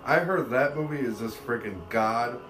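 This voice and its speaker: A man's voice: mid-range voice, normal speed, a bit bright, echoey room, faint music behind. A man co-hosting a podcast, chatting casually in a blunt, opinionated way with mild swearing. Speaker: podcast co-host. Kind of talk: casual chat.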